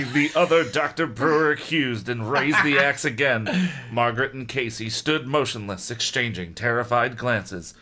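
A man's voice: mid-range voice, moderate pace, bright, forceful tone. A man co-hosting a comedy podcast, joking and self-deprecating as he reads along. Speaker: podcast co-host. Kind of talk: comedic banter and read-aloud.

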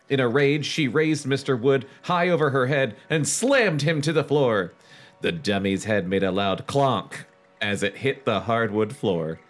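A podcast co-host casually reading a book aloud, cracking jokes and laughing often. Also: mid-range voice.

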